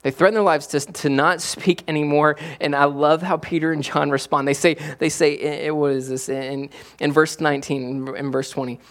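A middle-aged man preaching as a pastor. His delivery swings from hushed to loud and excited. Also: a little high, normal speed. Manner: animated preaching with big swings from quiet to loud. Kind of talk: sermon.

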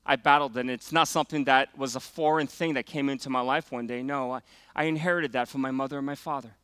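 A middle-aged man preaching a sermon, telling a personal story in a casual, conversational way and dropping to a hush for emphasis. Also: medium pitch, fairly even intonation, fast talker, clear, resonant tone, no echo. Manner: conversational storytelling, many fillers, drops to quiet for emphasis. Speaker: pastor.

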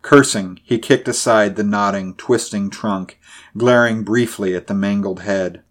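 A man reading a story aloud in a measured, dramatic narration. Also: on the low side, fairly even intonation. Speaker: audiobook narrator. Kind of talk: scripted narration.

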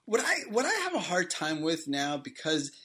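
A podcast co-host from Boston in casual chat, animated and quick to laugh. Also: male voice, on the high side, slightly rough. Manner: animated, laughs often, trails into asides.

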